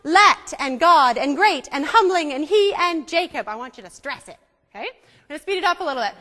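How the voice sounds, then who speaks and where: A woman's voice: sits high, animated, brisk, bright, forceful tone. A woman leading a church music lesson, coaxing and demonstrative as she teaches a group to sing psalms. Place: church hall. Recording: echoey hall with faint singing behind.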